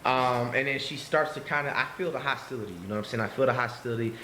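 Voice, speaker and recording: A man's voice: mid-range voice, fast talker, pushed and bright, roomy sound, a little hiss or hum, poor audio. A man ranting to his viewers in an aggrieved tone, repeating "you know what I'm saying".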